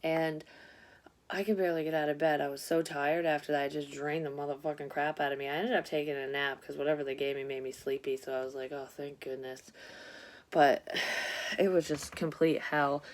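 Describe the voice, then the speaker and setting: Low-voiced blunt woman tarot reader. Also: level tone, fairly quick. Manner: blunt, rambling, heavy swearing. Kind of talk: casual tarot reading vlog.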